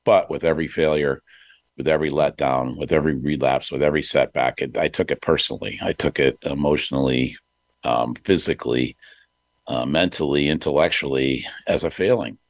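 A middle-aged man with an extremely deep voice tells a personal story in an earnest, reflective way. He often pauses with fillers and restarts his sentences. The sound is dry and close, with no room echo. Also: fairly even intonation. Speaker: podcast host.

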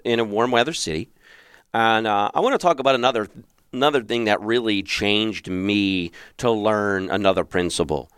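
A Philadelphia podcast host and relationship coach tells a personal story in a lowish, smooth voice. He's lively and animated, restarting often and acting out past thoughts in a raised voice. The close mic sounds dry, with no echo.

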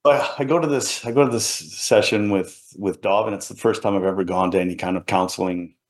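A middle-aged man from around Liverpool, an interview guest telling a personal story in an earnest, halting way that often trails off quietly. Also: low-pitched, fairly even intonation. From England, around Liverpool.

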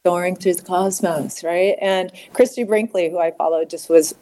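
Middle-aged lady guest on an interview, kinda low voice, stops and restarts a lot. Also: fairly even intonation, warm tone, slight background noise, poor audio. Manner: halting and candid, repeats words. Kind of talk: emotional personal interview.

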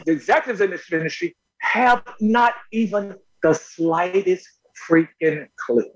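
A middle-aged actor telling stories in an interview, emphatic and excitable, with loud bursts when he acts out moments. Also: high-pitched, unhurried, lo-fi sound. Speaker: actor guest. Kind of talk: animated storytelling interview.

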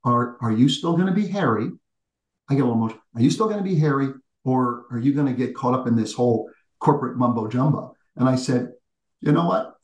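A man in his sixties, an executive and teacher, telling stories in an animated conversational way with frequent restarts. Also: mid-range voice, fast, echoey room, rough recording. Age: 60s. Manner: animated storyteller with frequent restarts, addresses the host by name. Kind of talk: conversational interview storytelling.

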